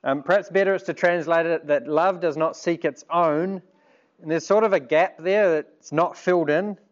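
A man preaching a sermon in an earnest, measured way, asking rhetorical questions. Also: fairly high pitch, lo-fi sound.

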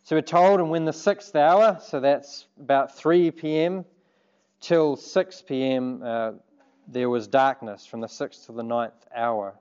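A man's voice: mid-range voice, fairly even intonation, measured pace, darkish tone, smooth, dull audio. A man preaching a sermon, earnest and conversational, turning to the congregation with asides. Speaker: pastor.

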